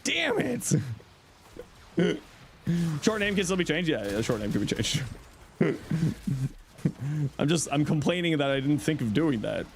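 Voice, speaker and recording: A man's voice: fairly high pitch, lively intonation, measured pace, a little hiss or hum. A middle-aged man chatting casually on his livestream, answering chat in a playful, teasing way and laughing often.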